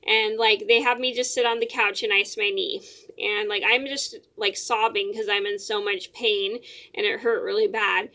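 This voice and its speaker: A woman's voice: medium pitch, steady tone, moderate pace, sharp tone. A young adult woman vlogger telling a personal story in a casual, rambling way, with lots of fillers and repeated words.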